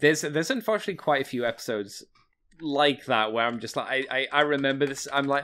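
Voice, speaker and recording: A man's voice: medium pitch, expressive, fairly quick, a bit bright. A man co-hosting a fan podcast in casual chat, blunt and sardonic, with the odd swear word. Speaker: podcast co-host.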